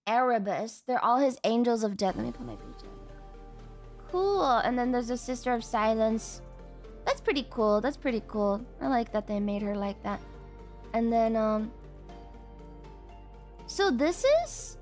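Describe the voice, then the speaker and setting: A woman streamer chatting casually as she reacts, excitable and swearing freely. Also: on the high side, measured pace, pauses often, faint music behind.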